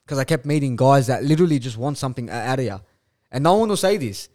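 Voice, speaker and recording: A young man, a guest influencer, chatting casually on a podcast, swearing freely and telling animated stories. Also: medium pitch, fast talker. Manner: heavy swearing, animated storytelling.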